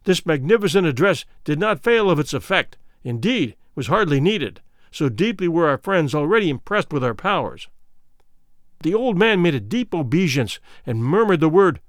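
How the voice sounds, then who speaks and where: Animated man narrating an old adventure tale. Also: moderate pace, dry recording, studio quality. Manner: animated reading, voicing characters with shifts in pitch and volume. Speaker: audiobook narrator. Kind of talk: scripted narration of a classic adventure novel.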